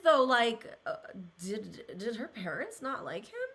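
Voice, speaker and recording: A woman's voice: fairly high pitch, wildly swooping pitch, measured pace, fairly bright tone. A young woman vlogging in casual chat, gushing and rambling with many fillers, getting emotional as she reacts to viewer comments. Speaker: pop culture vlogger.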